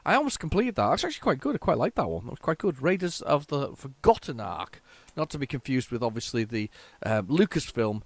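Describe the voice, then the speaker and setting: A man giving casual, excitable, self-mocking commentary while playing an old computer game. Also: medium pitch, brisk, creaky, few pauses, dry recording. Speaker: retro game tape reviewer.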